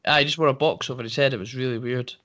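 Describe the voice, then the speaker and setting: A man's voice: medium pitch, steady tone, racing, bright, forceful tone, lo-fi sound. A man, co-hosting a casual podcast chat, rambling and searching for names. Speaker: podcast co-host.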